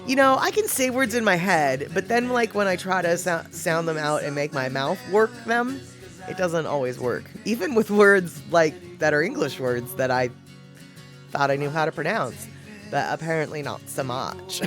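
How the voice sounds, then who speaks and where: A woman's voice: low voice, animated, normal speed, soft background music. A woman livestreaming, rambling casually and greeting viewers in the chat.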